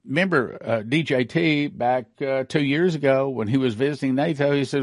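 A man's voice: medium pitch, normal speed, no room sound, studio quality. A middle-aged man giving emphatic news commentary with a prophetic bent, repeating and rereading his points.

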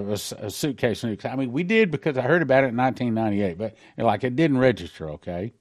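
A man pastor reading out a dream account and commenting on it in a sermon, slowing on key phrases and breaking into quick asides. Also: mid-range voice, darkish tone, dry recording, studio quality. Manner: reads slowly, then comments in a quick aside.

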